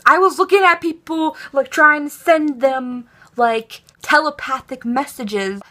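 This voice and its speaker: Animated, bright-voiced young woman telling a story. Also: high-pitched, a little slow. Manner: animated, swears a lot, acts out her panic. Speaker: vlogger. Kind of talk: casual storytime.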